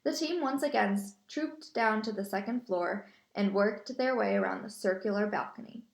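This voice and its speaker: A woman narrating a children's novel aloud in a lively storytelling manner. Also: medium pitch, normal speed, gravelly. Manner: lively storytelling, voicing characters. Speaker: audiobook narrator. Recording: echoey room.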